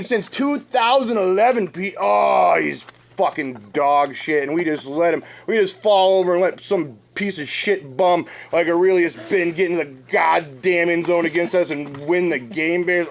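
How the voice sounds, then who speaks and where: A man's voice: sits high, gravelly, fairly bright tone. A man co-hosting a fantasy football show, ranting in a sweary, exasperated way about his team. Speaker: fantasy football podcast co-host. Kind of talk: profane comedic rant and sports chat.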